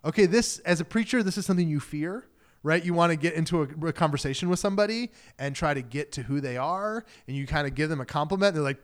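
A man preaching with a slightly higher voice and lots of lively energy. He reads scripture, then breaks into casual, conversational explanation, putting on voices for the people in the story. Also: fast talker. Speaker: pastor. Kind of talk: sermon.

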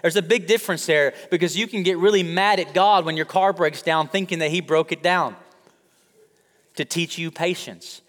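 Pastor guy preaching, kinda high voice, cracking jokes, big echoey church hall. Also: normal speed, fairly bright tone. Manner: humorous, conversational preaching with audience call-outs. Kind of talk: sermon. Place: church sanctuary. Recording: long hall reverb.

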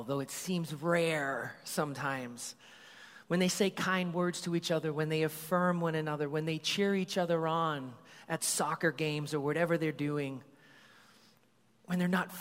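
Dad pastor preaching in a reverberant hall. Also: male voice, a little high. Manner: conversational storytelling, animated when excited. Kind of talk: sermon. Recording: long reverb of a large hall.

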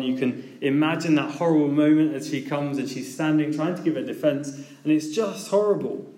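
A man's voice: mid-range voice, darkish tone, roomy sound, low-quality recording. A man preaching a sermon in a conversational, storytelling way, speaking in a church.

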